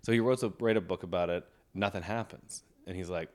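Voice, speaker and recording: Rambling low-voiced young man. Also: fairly quick, hardly any pauses. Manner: rambling, laughs often, many restarts. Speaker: podcast co-host. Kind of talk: casual chat.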